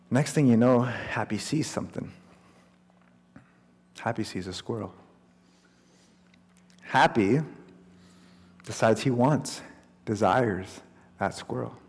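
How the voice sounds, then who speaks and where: Male preacher in a reverberant hall. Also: fairly low pitch. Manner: storytelling, conversational preaching. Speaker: pastor. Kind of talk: sermon.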